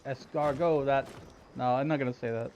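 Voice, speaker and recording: A man's voice: medium pitch, steady tone, normal speed, darkish tone, slight background noise. A man streaming a cozy game, talking casually in a playful, rambling way with frequent giggles. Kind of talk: casual gameplay commentary.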